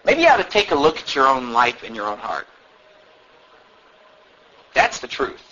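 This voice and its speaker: A man's voice: on the high side, big pitch swings, moderate pace, pauses often, bright, forceful tone. A man preaching a fiery sermon, reading old-fashioned scripture aloud and mocking people with impassioned wails. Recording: dull lo-fi recording.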